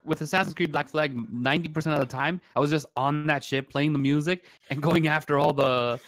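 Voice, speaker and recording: A man's voice: a little high, steady tone, a little fast, a bit bright, dry recording. Hesitant man on a dry mic. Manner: hesitant, restarts and trails off. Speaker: podcast co-host. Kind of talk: casual gaming podcast chat.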